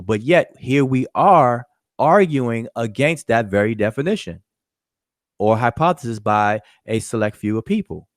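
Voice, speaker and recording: A man's voice: medium pitch, no echo, clean studio sound. A man giving an informal spoken recap of a lecture, explaining step by step with frequent fillers. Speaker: lecturer summarizing a discussion.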